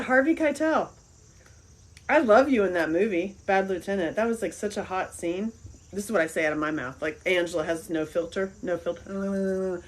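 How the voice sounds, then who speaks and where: A woman's voice: lowish voice, fairly bright tone, rough recording. Chatty lady on a livestream, giggles a lot, rambles on, middle-aged. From American South. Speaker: livestream host. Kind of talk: casual livestream chat reading comments.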